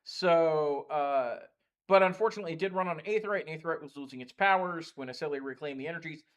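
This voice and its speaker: A man's voice: on the high side, fast talker, fairly bright tone. A man acting as dungeon master, chatting casually on a livestream in a game store and rambling through game lore with lots of fillers.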